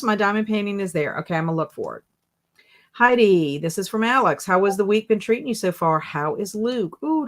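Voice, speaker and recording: A woman hosting a casual live stream, chatty and animated as she reads viewer comments aloud and reacts to them. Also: mid-range voice. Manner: animated and emotional. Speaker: livestream host.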